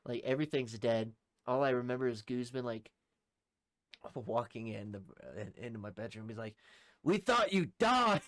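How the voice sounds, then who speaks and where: A young man co-hosting a podcast, telling a rowdy story in casual talk, swearing heavily and shouting out the lines of people in it. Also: mid-range voice, little pitch movement, normal speed, no echo, studio quality. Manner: heavy swearing, acts out shouted quotes. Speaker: podcast co-host.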